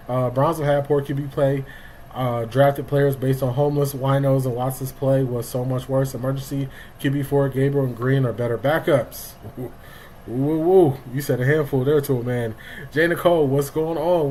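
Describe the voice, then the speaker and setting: The recording is low quality with slight background noise, capturing a middle-aged man's mid-range voice. He hosts a casual live sports stream, chatting loosely and talkatively and greeting chat viewers by name.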